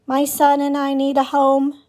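A woman voicing an earnest, formal female robot. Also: sits high. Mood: calm, polite. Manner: measured, formal, even phrasing. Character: calm polite female robot, gentle and earnest. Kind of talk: storybook reading.

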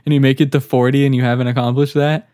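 A man's voice: medium pitch, level tone, fast, dark tone, dry recording, studio quality. A young man co-hosting a crude podcast chat, joking, laughing a lot and filling his talk with "like". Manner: jokey, laughs a lot, full of "like". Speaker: podcast co-host.

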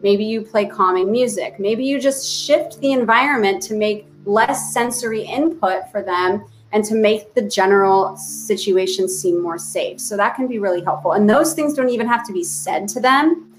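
A woman's voice: medium pitch, normal speed, hardly any pauses, soft background music. A woman of thirty, a therapist speaking as a guest in a casual podcast interview, chatty with many fillers and restarts.

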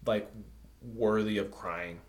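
A man's voice: on the low side, fairly even intonation, slow pace. Candid male podcaster in a roomy space. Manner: open, searching, restarts often, laughs while talking. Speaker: podcast co-host. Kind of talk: casual chat.

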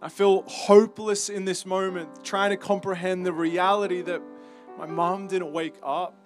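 Man, Australian accent, slightly high voice, earnest emotional testimony, halting restarts, faint music underneath. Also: flat delivery. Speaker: campus ministry speaker. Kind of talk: personal testimony sermon.

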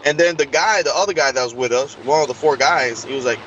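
A man's voice: medium pitch, fast, dull audio, a little hiss or hum. A man telling an interview host a long personal story in casual speech, acting out the dialogue. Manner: animated, acts out quoted dialogue. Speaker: interview guest.

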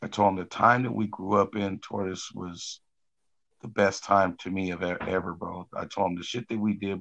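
A man's voice: deep voice, creaky, lo-fi sound. A man telling old neighborhood stories in a loose, profane way, full of slang and swearing. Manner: profane, animated, heavy slang. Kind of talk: casual storytelling.

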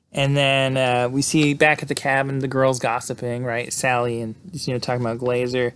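A man casually retelling a film's plot in a loose, rambling way, full of fillers and quick laughs. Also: medium pitch, little pitch movement, clean tone. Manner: rambling, lots of "like" and "uh", laughs often. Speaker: podcast host recapping a film. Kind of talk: casual movie recap.

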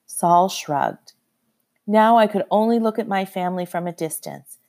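A woman narrating a historical story in the first person, expressive and measured. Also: medium pitch. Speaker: audiobook narrator.

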